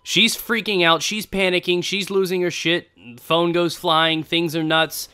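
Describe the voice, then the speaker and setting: A man's voice: sits high, little pitch movement, unhurried, sharp tone, clean tone. A man, a gaming video creator, casually telling a rambling personal story to his viewers, swearing freely. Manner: speaks to viewers directly. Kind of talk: casual storytelling over gameplay.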